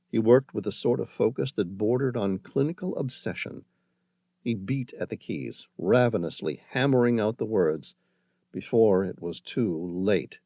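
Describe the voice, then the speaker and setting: Mellow male audiobook narrator. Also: lowish voice, no echo, studio quality. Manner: dramatic, measured storytelling. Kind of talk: scripted narration.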